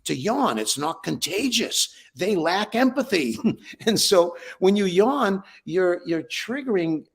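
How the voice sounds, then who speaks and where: A man's voice: sits high, big pitch swings, slow pace, gravelly, slightly rough. An older man, a breathwork teacher, answering interview questions with enthusiasm and frequent restarts. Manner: enthusiastic, repeats words when starting.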